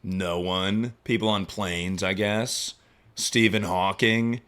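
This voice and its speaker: A young man streaming, chatting casually and profanely about his injury, mocking himself with sudden loud outbursts. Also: sits low, fairly even intonation, slow pace. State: injured, in pain. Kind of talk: casual livestream chat.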